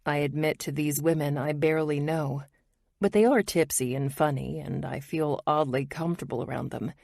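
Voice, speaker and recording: A woman's voice: low voice, normal speed, creaky, darkish tone, dry recording, studio quality. A woman narrating a romance audiobook in the first person, wry and intimate.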